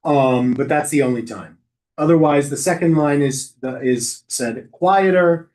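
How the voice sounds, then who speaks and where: A man's voice: fairly high pitch, measured pace, darkish tone. A man leading an informal class for lay leaders, explaining prayer customs in a conversational way and stopping to chant lines as examples. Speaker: rabbi teaching lay leaders. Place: synagogue classroom.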